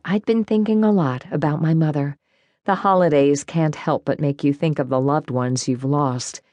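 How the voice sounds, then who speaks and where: A woman narrating a first-person cozy mystery audiobook in an expressive, warm storytelling manner. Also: deep voice, no room sound.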